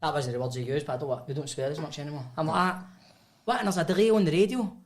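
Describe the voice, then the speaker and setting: A man's voice: on the high side, very fast, very noisy. A man with a Scottish accent, a podcast co-host who tells anecdotes in casual chat, laughing and acting out the other people's lines. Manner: chatty, laughing, acts out voices in anecdotes. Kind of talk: casual pub-style chat.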